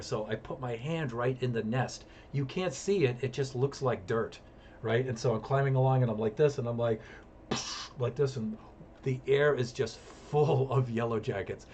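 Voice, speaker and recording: Brief: male streamer, mid pitch, casual rambling storyteller, faint hiss. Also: darkish tone. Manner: rambling, repetitive, chuckling storyteller. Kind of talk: casual storytelling while gaming.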